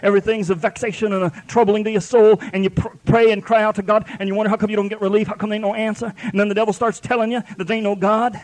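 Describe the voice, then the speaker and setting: A man's voice: high-pitched, level tone, rapid-fire, hardly any pauses. A man preaching a sermon at a live church service, fervent and repetitive, with folksy grammar.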